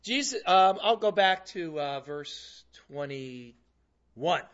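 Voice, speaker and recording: Man, Bible class teacher, high voice, conversational, playful quote acting, muffled lo-fi sound. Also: animated, measured pace, fairly bright tone. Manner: conversational, acts out quotes with humor. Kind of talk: classroom lecture with scripture reading. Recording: dull lo-fi classroom recording.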